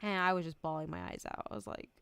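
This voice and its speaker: A woman's voice: low-pitched, steady tone, fast talker, a bit bright, clean tone, no echo. A young adult woman streamer chatting casually, rambling, giggling often and swearing freely. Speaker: VTuber streamer.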